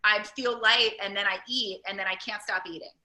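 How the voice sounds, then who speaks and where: A woman's voice: mid-range voice, fairly even intonation, sharp tone. A woman coaching a weight loss program, talking in an enthusiastic, casual interview chat with lots of run-on "like"s. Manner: enthusiastic, talks in quick run-on bursts with many "like"s. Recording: echoey room.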